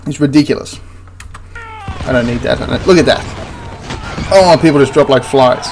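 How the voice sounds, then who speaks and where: A man's voice: medium pitch, wildly swooping pitch, normal speed, creaky, background noise. A man giving casual commentary over film clips as a history commentator, sarcastic and exasperated, laughing in disbelief.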